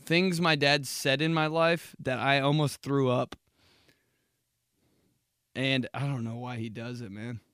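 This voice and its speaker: A man rambles through a casual comic monologue, crude and jokey. His voice is bright and forward, and the recording is close and dry. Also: medium pitch, steady tone, unhurried, pauses often, clean tone, no room sound. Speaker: podcast host.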